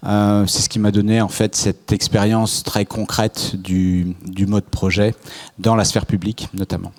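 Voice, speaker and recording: A man's voice: fairly low pitch, little pitch movement, moderate pace, a little mellow. A man from France giving a keynote at a conference, speaking hesitantly with many fillers and restarts. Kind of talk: conference talk. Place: conference hall stage.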